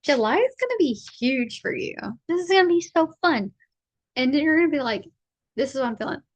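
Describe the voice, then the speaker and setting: A woman's voice: sits high, animated, a little fast, no room sound, highs cut off. Chatty woman giving a tarot reading, dry sound. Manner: chatty, rambling, playful, with laughs and casual swearing. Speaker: tarot reader. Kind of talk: casual collective tarot reading.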